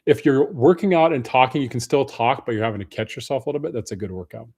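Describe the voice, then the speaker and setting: A man's voice: medium pitch, quick pace, a little mellow, breathy edge. A man hosting a casual live stream Q&A, greeting viewers by name in a friendly way. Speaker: livestream host.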